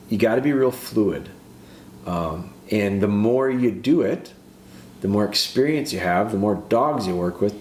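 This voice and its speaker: A man hosting a podcast as a dog trainer, explaining in a casual, earnest way and often restarting and repeating his phrases. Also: on the low side. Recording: echoey room with faint background noise.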